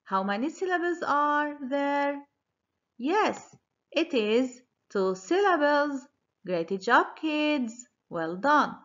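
A woman teacher giving a children's phonics lesson, speaking clearly and encouragingly. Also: high-pitched, very animated, fairly bright tone, muffled recording. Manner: slow, clear, encouraging classroom delivery.

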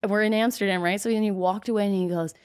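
A young woman in her twenties, a podcast guest, telling stories in a candid, chatty way with lots of "like" and quick laughs. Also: medium pitch, steady tone, a little mellow. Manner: chatty storyteller, heavy use of "like", frequent laughs.

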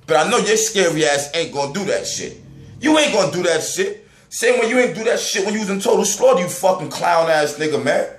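A man's voice: sits high, expressive, fairly quick, reverberant. A man ranting angrily and profanely about battle rap events in a heated vlog.

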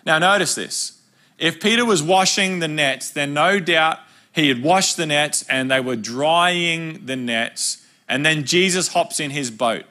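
Young Aussie male pastor, bright and punchy, chatty storytelling sermon. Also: on the high side. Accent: Australian. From Australia. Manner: conversational, humorous storytelling preaching.

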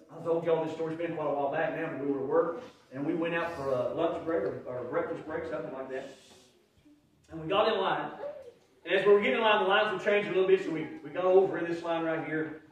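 High-voiced preacher in echoey church. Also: male voice. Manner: folksy storytelling, swings from quiet asides to loud shouts. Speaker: pastor. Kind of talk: sermon. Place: church sanctuary. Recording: very echoey church hall, mic far off.

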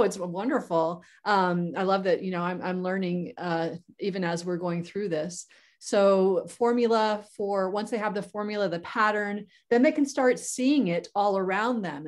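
A woman co-hosting an online professional development session for teachers, presenting enthusiastically with frequent fillers. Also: medium pitch. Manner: enthusiastic, with many fillers and restarts. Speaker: educator webinar co-host.

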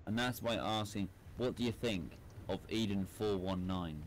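A man's voice: lowish voice, moderate pace, a little hiss or hum. A tipsy man leading a platoon over voice chat, announcing moves and bantering with the squad. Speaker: platoon leader. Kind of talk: casual game voice chat.

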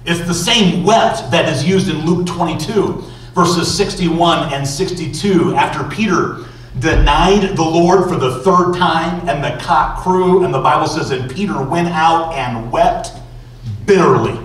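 A male pastor preaching a sermon slowly and emphatically, with dramatic pauses. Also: a little high. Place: church sanctuary. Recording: roomy church echo from far off.

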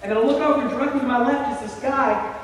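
A young man delivers a story-driven sermon, throwing in shouted sound effects and acted lines. His voice sits high for a man. It comes from a distance through a long, ringing church-hall echo, with faint room hiss. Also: very fast. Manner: animated, acting out a dramatic story with sound effects. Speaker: preacher. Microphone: self-recorded camera from across the room. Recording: echoey church hall from far off.

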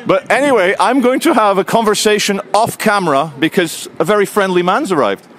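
A man filming himself outdoors on a city street, talking in a calm, sardonic, unbothered way as he gives casual commentary to the camera. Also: sits high, a little fast, slight background noise. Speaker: vlogger filming in public.

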